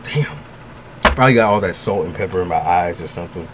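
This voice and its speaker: A man's voice: low voice, fairly quick, a bit bright, slight background noise. A man giving a tarot reading on a livestream in casual chat with viewers, loose, joking and profane, blunt with his advice and laughing often. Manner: blunt, gives frank advice.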